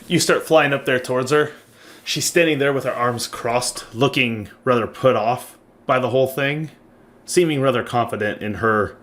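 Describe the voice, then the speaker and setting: A man's voice: mid-range voice, fairly bright tone. A man running a tabletop role-playing game as game master, narrating and laughing often.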